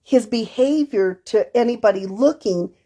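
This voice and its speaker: A woman's voice: a little high, moderate pace, warm tone. Chatty woman counselor telling stories. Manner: conversational, tells anecdotes with acted-out quotes. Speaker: podcast co-host, counselor. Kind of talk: casual chat.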